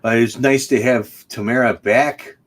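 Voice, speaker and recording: A man's voice: medium pitch, fairly even intonation, unhurried. A man hosting a casual livestream chat, joking and chatty and laughing often. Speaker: host.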